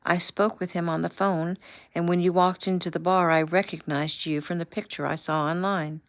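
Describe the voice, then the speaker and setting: A woman's voice: fairly low pitch, fairly even intonation, moderate pace, no room sound, studio quality, close to an everyday voice. A woman voicing a polite city businessman who sounds earnest and a bit flustered, in a read-aloud novel. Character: polite city businessman, nervous around guns.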